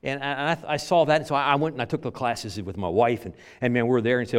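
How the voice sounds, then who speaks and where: A middle-aged man preaching a sermon, telling a personal story with frequent restarts and swings between loud and soft. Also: medium pitch, fast talker, clear, resonant tone. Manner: lively storytelling, repeats words, varies volume widely.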